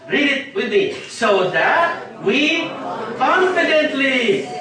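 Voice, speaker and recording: A Filipino-accented man preaches with a high, lively voice and keeps firing questions at his congregation, now and then mixing in Tagalog. He sounds distant from the mic, and his voice rings through a very echoey hall. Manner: animated, questioning the congregation, switching into Tagalog phrases. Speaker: pastor. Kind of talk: sermon.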